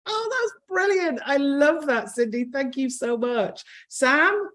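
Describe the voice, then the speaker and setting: A woman moderating a webcast panel, warmly thanking each speaker and calling on the next. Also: high voice, expressive, slow pace.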